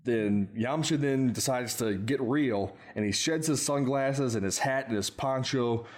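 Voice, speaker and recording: Brief Male podcast host, mid-pitch, wry recap narrator who laughs easily. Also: measured pace. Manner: wry play-by-play, laughs often at his own jokes. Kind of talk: casual podcast chat recapping a film.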